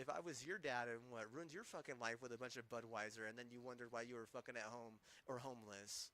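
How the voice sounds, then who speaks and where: A man's voice: mid-range voice, steady tone, brisk, few pauses, sharp tone, low-quality recording. A young man streaming games, ranting angrily with constant swearing. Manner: angry, profane, ranting. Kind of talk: casual gaming stream rant.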